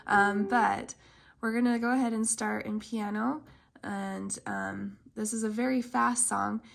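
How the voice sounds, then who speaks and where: A woman's voice: a little high, steady tone, unhurried, gravelly. A woman teaching a piano lesson, explaining the music patiently with frequent ums and counting beats aloud. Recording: piano playing underneath.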